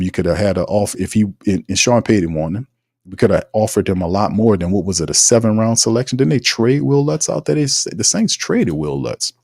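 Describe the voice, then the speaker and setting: A man hosting a casual sports commentary livestream, slangy and animated, greeting viewers in the chat. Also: on the low side, slightly rough, dry recording, studio quality. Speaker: host.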